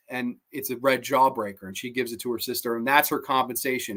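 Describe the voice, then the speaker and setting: A man's voice: medium pitch, steady tone, a little fast, hardly any pauses, bright, forceful tone. A man hosting a horror movie review show, talking through a film plot in a chatty, opinionated way, with lots of fillers and the odd swear word. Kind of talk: casual film review monologue.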